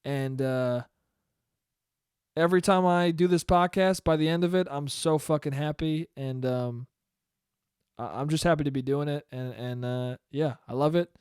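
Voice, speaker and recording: Casting: male solo podcaster, high, smooth voice, swears freely, rambles and puts himself down. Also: moderate pace, a little mellow, no echo, clean studio sound. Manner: profane, rambling, self-deprecating. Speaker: podcast host. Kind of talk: solo casual podcast rant.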